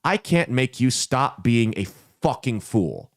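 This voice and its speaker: Man, podcast host, profane sarcastic rant, lively swinging pitch, dry sound. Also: slow pace, dry recording. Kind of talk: comedic commentary rant.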